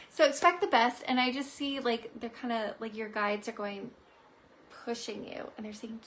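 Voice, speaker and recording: A woman's voice: fairly high pitch, expressive, a little fast, a bit bright, a little hiss or hum. A woman psychic giving a live-streamed oracle card reading, bubbly and giggly in a chatty way. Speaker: psychic reader.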